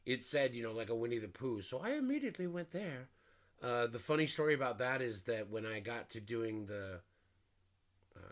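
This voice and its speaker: A man, a voice actor, answering interview questions in a warm, rambling, reminiscing way. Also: on the low side.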